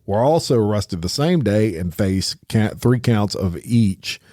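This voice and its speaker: A man's voice: fairly low pitch, lively intonation, measured pace, mellow, no echo, studio quality. A man co-hosting a crime podcast, reading a crime report in a plain, conversational way. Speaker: podcast co-host.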